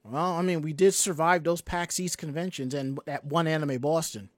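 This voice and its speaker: Chatty podcast host, rambles and restarts a lot, dry close sound, mid pitch. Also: fairly even intonation, normal speed, dry recording. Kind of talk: casual chat.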